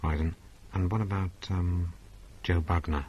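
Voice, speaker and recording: A man's voice: deep voice, steady tone, a little slow, darkish tone, dull audio. A man playing a crude, brassy woman agony aunt who reads out letters and answers them bluntly in a comedy sketch. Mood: boastful. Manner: blunt, bawdy, mock-sincere.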